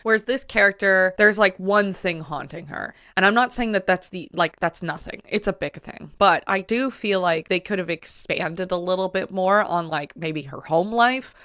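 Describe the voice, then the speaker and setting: A woman's voice: on the low side, moderate pace, hardly any pauses, a bit bright, no echo, clean studio sound. A woman in her thirties giving casual film commentary, musing and analytical with plenty of fillers. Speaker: channel host.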